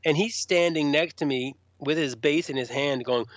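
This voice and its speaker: A man tells backstage stories in an interview, acting out what people said with jumps in pitch. His voice sits a little high. The recording is dry and dull, with a lo-fi edge. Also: normal speed, hardly any pauses, no echo. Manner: animated, acts out quotes in a raised voice. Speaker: rock journalist guest. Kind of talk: storytelling interview. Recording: dull, lo-fi sound.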